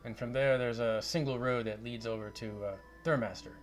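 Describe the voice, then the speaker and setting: A man voicing a portly, swaggering wizard merchant with a Scottish accent, hearty and brisk. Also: mid-range voice, fairly even intonation, soft background music, natural voice.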